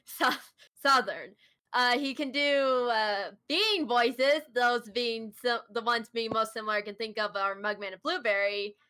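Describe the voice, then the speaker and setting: A woman hosts a casual chat with a fairly high, bright and punchy voice. She gushes with eager enthusiasm and giggles often as she praises someone she admires. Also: unhurried, clear, resonant tone. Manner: enthusiastic, giggly fan talk. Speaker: host.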